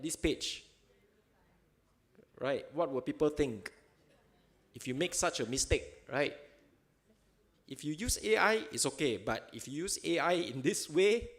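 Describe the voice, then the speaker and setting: A man speaking at a seminar in an auditorium, in loose, informal phrasing with fillers, ending his points with tag questions and chuckling at examples. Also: medium pitch. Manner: chuckles while telling examples. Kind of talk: conference talk.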